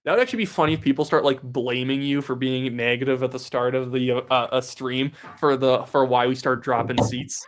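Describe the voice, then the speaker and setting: A man's voice: medium pitch, fairly even intonation, brisk, few pauses. Young man hosting casual election commentary. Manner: casual, reads viewer donations aloud and reacts. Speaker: livestream host. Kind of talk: live election-night commentary.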